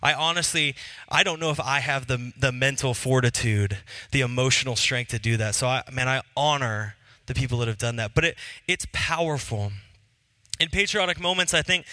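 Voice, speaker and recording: A man's voice: mid-range voice, pushed and bright, no echo. A married Christian man talking casually and earnestly about what moves him, with many fillers and restarts. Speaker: Christian speaker. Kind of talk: casual personal talk.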